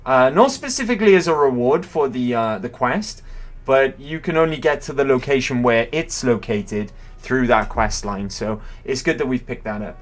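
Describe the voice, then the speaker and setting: A man's voice: mid-range voice, normal speed. A man commentating his game live, musing aloud in a rambling, curious way. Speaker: game streamer. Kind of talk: livestream gameplay commentary.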